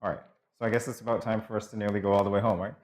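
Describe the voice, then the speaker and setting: A woman's voice: very deep voice, fairly even intonation, racing, a little mellow. A woman co-hosting a morning show, teasing and laughing as she chats. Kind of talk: casual chat.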